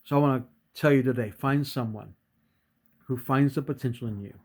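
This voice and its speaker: A man's voice: mid-range voice, a little fast, darkish tone. Middle-aged male speaker, earnest motivational storyteller, mid-range voice. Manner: earnest storytelling, acts out past dialogue. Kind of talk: motivational talk to camera.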